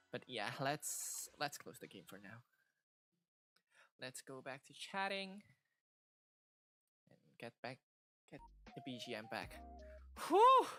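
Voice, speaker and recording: A man streaming a game, chatting casually and excitedly, repeating himself with lots of fillers. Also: mid-range voice.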